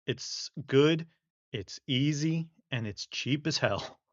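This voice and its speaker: A man in his thirties chats casually on a podcast at an ordinary pitch. He jokes about himself and laughs a lot. His voice sounds a little dull and muffled, in a dry space. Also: slow pace, no echo. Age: 30s. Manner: laughs often, joking and self-mocking. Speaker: podcast co-host. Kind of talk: casual chat.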